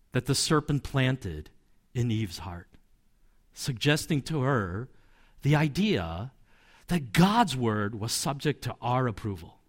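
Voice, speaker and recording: A man, a pastor, preaching a sermon in a conversational, storytelling way with asides and light chuckles. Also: mid-range voice.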